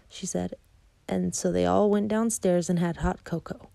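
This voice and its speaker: A woman reading a children's picture book aloud in a calm, measured storytelling manner. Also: on the low side, creaky, dry recording. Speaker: storybook reader.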